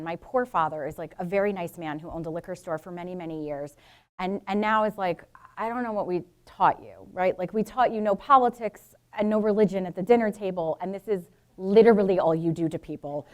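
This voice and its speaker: A woman's voice: medium pitch, fairly quick, a little mellow. A middle-aged woman from Brooklyn and New Jersey giving a public lecture as a professor, frank and informal, with asides to the audience.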